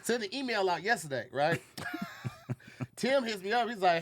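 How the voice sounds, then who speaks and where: A man co-hosting a podcast in casual chat, telling animated stories and acting out phone calls. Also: high voice, a little slow, background noise. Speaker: podcast co-host.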